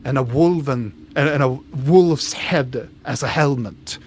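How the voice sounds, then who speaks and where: A man's voice: mid-range voice, measured pace, a little mellow, a little hiss or hum. A man narrating a tabletop game as game master, describing scenes with frequent restarts.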